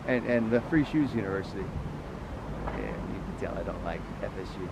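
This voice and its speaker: A man vlogging outdoors about sports travel, joking and breaking into loud chants. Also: medium pitch, fairly quick, highs cut off. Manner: excitable, jokey, jumps to loud chants. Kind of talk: casual travel vlog. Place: outdoors at a stadium, windy. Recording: loud wind noise on an outdoor mic.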